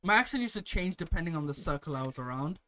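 A man's voice: fairly high pitch, animated, quick pace, sharp tone. A young man from Botswana co-hosting a podcast, telling stories in a casual, sweary way with lots of fillers. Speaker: podcast co-host. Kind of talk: casual chat.

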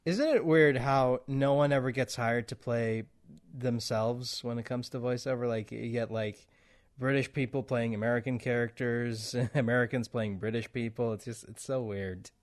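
A man's voice: medium pitch, steady tone, normal speed. A man hosting a podcast in casual chat, rambling with restarts and laughs between points. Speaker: podcast host.

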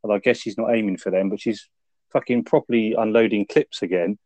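A man's voice: fairly low pitch, fairly even intonation, quick pace, a little mellow, dry recording. A man casually retelling film scenes on a review podcast, swearing freely and laughing as he goes. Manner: laid-back, swears a lot, laughs while retelling scenes. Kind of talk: casual chat, recapping a film.

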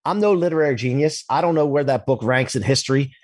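A man telling a personal business story in a casual interview, animated and acting out the dialogue. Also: mid-range voice, fast, dry recording, clean studio sound. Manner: animated, acts out quoted dialogue, swears casually. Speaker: podcast guest, entrepreneur.

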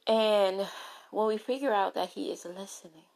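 A woman giving a candid motivational talk on relationships, telling stories with lively, playful asides. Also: medium pitch, normal speed, gravelly. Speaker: relationship speaker.

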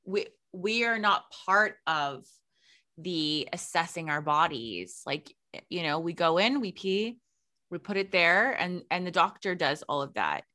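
A woman's voice: lowish voice, expressive, a little slow, pushed and bright. A woman podcast host talking in casual conversation, thoughtful and searching for words.

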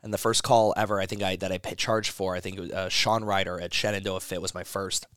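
This is a man in an interview, casually recounting how he built a gym consulting business. His voice sits on the low side. He rambles, swears, and keeps restarting his sentences, and the recording is dry with no room sound. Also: level tone, fast, fairly bright tone, smooth, dry recording. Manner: rambling, profane, frequent restarts.

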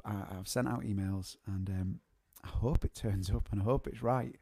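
A man's voice: fairly low pitch, steady tone, normal speed, vocal fry, warm tone. A man co-hosting a live music show, chatting casually and laughing his way through a rambling story. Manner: rambling, repeats words as he restarts.

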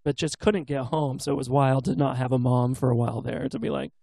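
A man's voice: medium pitch, steady tone, brisk, vocal fry, hardly any pauses, dark tone, no echo. A man in his thirties from the US West Coast, chatting casually and rambling through a childhood story. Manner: rambling storyteller, imitates voices. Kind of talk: casual chat.

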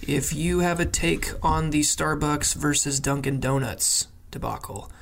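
Gravelly male podcast co-host. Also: fairly high pitch, unhurried, a bit bright. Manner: loose and joking, with many fillers. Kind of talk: casual podcast chat.

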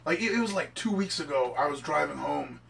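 A young man rambling excitedly through a story among friends, swearing constantly in casual chat. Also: on the high side, brisk, creaky, slight background noise. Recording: mic at a distance.

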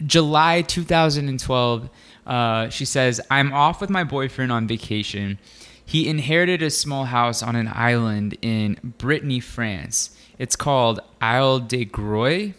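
A man with a smooth, resonant voice at an ordinary pitch, chatting casually on a podcast. He reads a story aloud at a relaxed pace, breaking off into filler-heavy asides. The tone stays easygoing and conversational. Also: a little slow. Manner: laid-back, filler-heavy, laughing asides. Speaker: podcast co-host.

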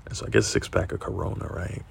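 A man's voice: fast, a little hiss or hum. A man telling a casual, profanity-heavy anecdote, often tagging lines with "right?" and laughing between them. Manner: profane, keeps asking "right?".

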